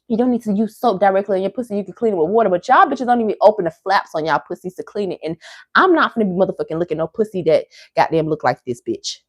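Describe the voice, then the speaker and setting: A woman's voice: mid-range voice, fast talker, no room sound. A woman hosting a livestream, ranting bluntly and profanely to her viewers in casual chat. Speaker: livestream host. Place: Miami area.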